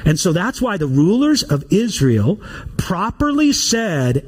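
A male pastor preaching with a high voice that swings widely in pitch. He talks to the congregation casually, asking rhetorical questions, then slows down to read scripture deliberately. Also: very animated, slightly rough. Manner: reads scripture aloud slowly and deliberately. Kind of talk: expository sermon.

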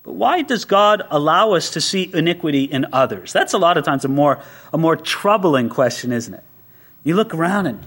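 Male pastor, high and animated, preaching with rhetorical questions and impassioned quoted prayers. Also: fairly quick. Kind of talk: sermon.

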